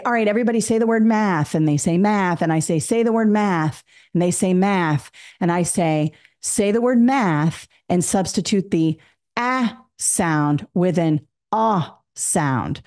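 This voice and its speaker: A woman with a slightly low voice gives a test prep lesson. She explains each point step by step and acts out the prompts a teacher would give a class. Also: dark tone.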